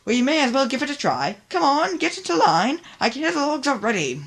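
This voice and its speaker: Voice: sits high, big pitch swings, brisk, creaky, fairly bright tone, pitched above the performer's own voice, heavily acted. A reader voicing a ruthless male tugboat in a storybook, talking bluntly. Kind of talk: storybook reading.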